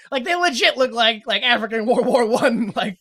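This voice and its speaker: A woman co-hosting a casual podcast, recapping a TV episode and acting out the characters in loud, exaggerated voices. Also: on the high side, expressive, normal speed, a crowd in the background. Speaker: podcast co-host.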